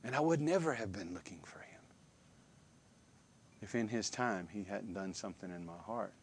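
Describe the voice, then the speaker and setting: A man preaching a sermon, emphatic and animated, with repeated phrases and questions to the congregation. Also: on the low side, normal speed, slightly rough.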